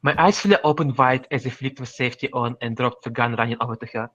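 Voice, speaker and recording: A man reading a fan story aloud in English, a non-native speaker who stumbles and clears his throat now and then. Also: mid-range voice, quick pace, fairly bright tone, dry recording. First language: Russian. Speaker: reader. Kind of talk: amateur fan-fiction reading. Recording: dry, slightly muffled voice-chat audio.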